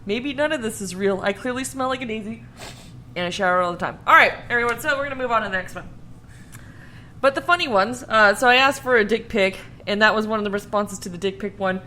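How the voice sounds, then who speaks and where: A young woman chats on a podcast in a bright, lively tone, swearing and laughing at her own stories. She rambles in a casual way. A faint hiss of room noise sits under her voice. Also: a little high, fast. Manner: laughing, profane, self-deprecating rambling. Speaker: podcast co-host.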